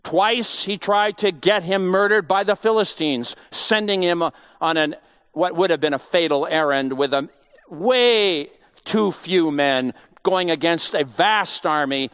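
A man's voice: high-pitched, measured pace, fairly bright tone, clean tone, no room sound, studio quality. A man giving a conversational Bible teaching, emphatic and full of rhetorical questions.

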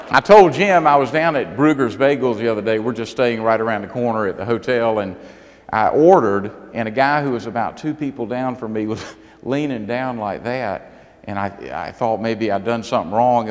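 A middle-aged man from South Carolina with a Southern accent, speaking as a guest preacher with earnest, folksy storytelling in a church. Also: lowish voice. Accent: Southern American. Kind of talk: sermon. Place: church sanctuary. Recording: long hall reverb.

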